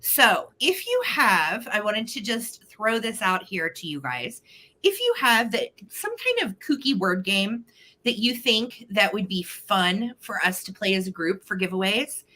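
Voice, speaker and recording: A woman's voice: mid-range voice, very animated, unhurried, pushed and bright. Bubbly woman hosting a live sale. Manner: bubbly, greets viewers by name. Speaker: host of a live online vintage sale. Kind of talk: casual live-stream chat.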